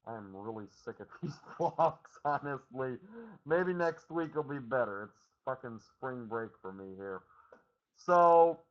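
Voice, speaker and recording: A man's voice: medium pitch, expressive, unhurried. Young man rambling through a casual recap. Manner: loose and profane, with self-interrupting restarts. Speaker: vlogger recapping a TV episode. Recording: slightly dull lo-fi recording.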